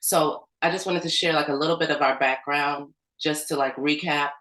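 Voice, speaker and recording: This woman's voice is low-pitched and fairly bright, holding a steady tone at a moderate pace. A community organizer from the US, she relates a personal story at an organizing meeting in a relaxed way, leaning on "like" and "um." The sound is roomy and the audio quality poor.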